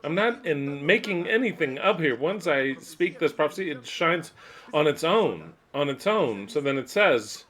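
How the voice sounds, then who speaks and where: A man's voice: lively intonation, a little slow. Emphatic man voicing a sermon. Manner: emphatic, swings from low muttering to loud outbursts. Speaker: interpreter voicing a preacher. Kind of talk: interpreted sermon.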